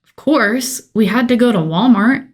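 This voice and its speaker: A woman's voice: a little high, measured pace. A woman in her thirties, a podcast co-host, telling her own adoption story in casual chat and acting out family members' reactions. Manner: emotional, animated storytelling with acted-out quotes.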